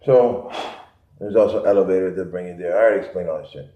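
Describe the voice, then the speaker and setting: Low voiced guy from connecticut rambling on and on, muffled lo-fi sound. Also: fast talker. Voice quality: rambling, repetitive, low-key storytelling. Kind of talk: rambling monologue. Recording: echoey, muffled lo-fi room sound.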